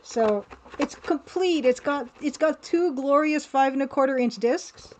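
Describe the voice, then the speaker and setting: A woman's voice: high-pitched, measured pace, darkish tone, a little hiss or hum. A woman livestreaming as an artist, chatting casually and playfully, with easy laughter. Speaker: livestreaming artist and game developer.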